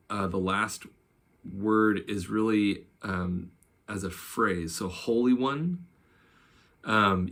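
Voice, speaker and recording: A man who teaches psalm chanting in an unhurried, gentle way, with many ums and uhs. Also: on the low side, gravelly. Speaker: church music teacher. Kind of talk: teaching psalm chanting, speaking and singing examples.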